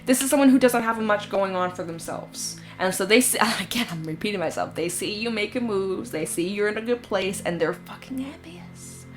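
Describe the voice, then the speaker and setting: A woman's voice: mid-range voice, brisk, few pauses, faint music behind. A woman giving a casual tarot reading, chatty and frank, swearing freely and using lots of fillers. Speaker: tarot reader.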